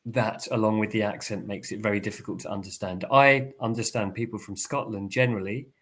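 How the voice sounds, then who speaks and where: An Englishman tutoring online, explaining patiently and clearly over a video call. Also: lowish voice, fairly even intonation, a little fast, a bit bright. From England.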